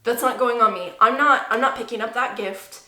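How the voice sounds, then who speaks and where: A woman speaks straight to camera in an indignant, emphatic rant, circling back and repeating her points. Her voice is bright and sharp. It rings with the echo of a hard room. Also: a little high, fairly quick. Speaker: vlogger. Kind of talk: angry personal rant to camera.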